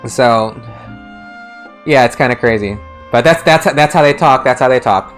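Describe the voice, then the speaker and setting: A chatty streamer talking over gameplay. Sentences wander and restart, broken up by frequent laughs. Soft game music plays in the background. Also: medium pitch, moderate pace. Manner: rambling, lots of "like" and restarts, laughs often. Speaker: streamer, translation discussion host. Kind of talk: casual stream chat.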